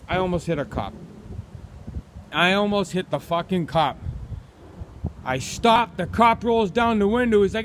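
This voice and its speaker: Profane ranting man, high voice. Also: a bit bright, a little hiss or hum. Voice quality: profane, blunt, heated. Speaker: vlogger. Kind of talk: angry ranting story.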